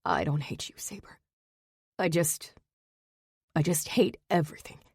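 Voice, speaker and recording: A woman voicing a remorseful young man in an audiobook, speaking in a raspy, halting whisper. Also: sits low, dry recording, studio quality, full character voice. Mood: pained. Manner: hushed, halting, broken. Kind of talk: audiobook narration.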